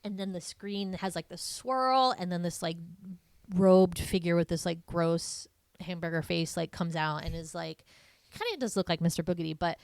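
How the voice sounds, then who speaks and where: Young woman podcast co-host, low-ish voice, rambling recap loaded with fillers, dry close sound. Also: moderate pace, creaky, smooth, no room sound. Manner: rambling, filler-heavy storytelling, many "like"s; acts out character lines in a higher voice. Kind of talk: casual movie recap chat.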